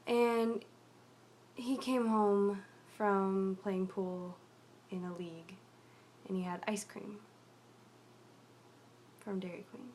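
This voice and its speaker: Quiet, rambling young woman confiding. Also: medium pitch, fairly even intonation, slow, long pauses, slight background noise. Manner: rambling and confessional, frequent fillers, often drops to a quiet mutter. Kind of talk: personal video diary, candid storytelling.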